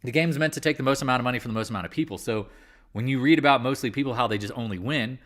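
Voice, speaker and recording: A livestream trading host hosts a live market chat, speaking rapid-fire in a medium-pitched, slightly bright voice. He rambles candidly and swears casually.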